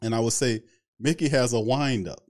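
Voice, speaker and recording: This sports talk show host, a man with a medium-pitched and somewhat mellow voice, speaks at a moderate pace. His casual livestream is loose and chatty, and he calls out viewers in the chat by name.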